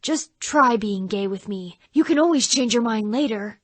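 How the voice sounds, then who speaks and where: A woman voicing a teenage boy actor in a cheesy play, talking low, slow and coaxing. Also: lively intonation, breathy edge, no room sound.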